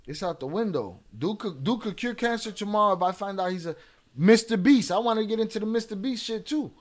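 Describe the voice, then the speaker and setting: A man's voice: high voice, animated, brisk. A middle-aged man hosting a live stream, talking bluntly and profanely as he rants back at his chat. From United States.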